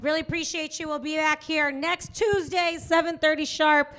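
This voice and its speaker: Woman, comedy show host, high voice, bright and sharp, loud and upbeat, heard from a distance. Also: fairly even intonation, normal speed. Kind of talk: closing announcements. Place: comedy club.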